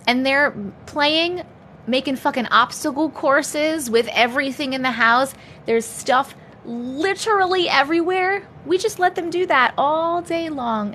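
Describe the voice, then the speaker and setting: A woman's voice: sits high, a bit bright, a little hiss or hum. A young adult woman hosting a casual livestream chat from home, chatty, laughing often and swearing freely. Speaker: livestream host.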